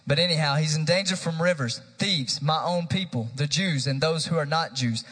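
Energetic male preacher, a bit higher-pitched, sermon recorded in a church with long reverb. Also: moderate pace, hardly any pauses, breathy edge. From Tennessee, USA. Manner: energetic preaching, addressing the congregation directly. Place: church sanctuary.

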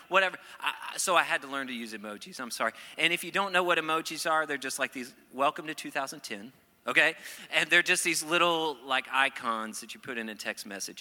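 Middle-aged guy pastor, really bright voice, kinda high, long hall echo. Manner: playful, acts out quoted voices, then earnest. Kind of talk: sermon.

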